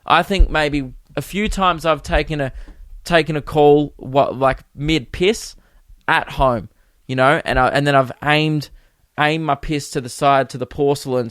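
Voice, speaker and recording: A young man hosting a podcast, telling a comic story with animated, exasperated delivery and putting on voices for the people he quotes. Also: medium pitch, moderate pace, dry recording. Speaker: podcast host. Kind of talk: comedic storytelling monologue.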